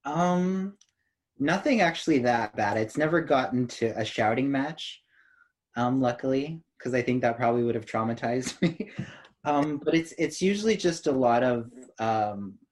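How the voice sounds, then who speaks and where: A man with a mid-range voice reflects on his work as a performer, pausing often with fillers as he thinks. He speaks in an easy, conversational way. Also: mid-range voice, animated. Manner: thoughtful, hesitant with fillers. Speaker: performing musician. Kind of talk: casual radio conversation.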